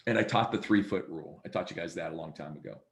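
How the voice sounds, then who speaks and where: Over a video call, a man leads a real estate sales training, voicing dialogue as he tells stories. He talks fast in a low voice with vocal fry, and the sound carries a roomy echo.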